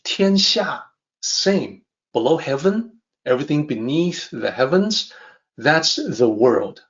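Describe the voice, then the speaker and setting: A man teaching a lesson on a classic text, calmly repeating and rephrasing each idea. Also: fairly high pitch, highs cut off. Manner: measured, repeats and rephrases ideas. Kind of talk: calm explanatory lesson.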